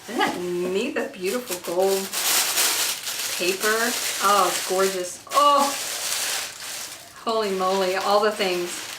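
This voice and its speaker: A woman in her thirties who has children, excitedly unboxing makeup in a casual vlog recorded in her bathroom, gushing with lots of fillers. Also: medium pitch, slow, pauses often, very noisy. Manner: giddy and gushing, with many fillers. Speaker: beauty vlogger. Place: home bathroom. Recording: echoey bathroom, mic a bit far off.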